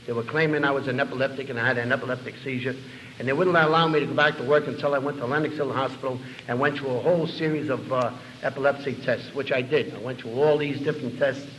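Older man telling a story, quick and animated. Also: medium pitch. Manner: animated, acts out the dialogue in his story; rambling, with repeated words and fillers. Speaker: speaker telling his recovery story. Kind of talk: personal storytelling to an audience. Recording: echoey hall with faint room noise.

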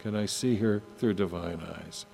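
An older man telling personal stories to an audience in a conversational way, often halting and restarting his sentences. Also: low voice, gravelly, darkish tone, soft background music. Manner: halting, with frequent restarts and asides. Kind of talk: conversational storytelling talk. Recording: long hall reverb, faint hum.

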